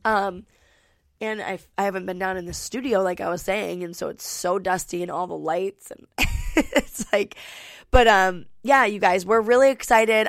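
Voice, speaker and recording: Chatty young woman with a gravelly edge. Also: medium pitch, fairly bright tone, no room sound, studio quality. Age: 20s. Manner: chatty, lots of "like" fillers. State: stuffy nose. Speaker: podcast host. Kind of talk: casual podcast chat. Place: home studio.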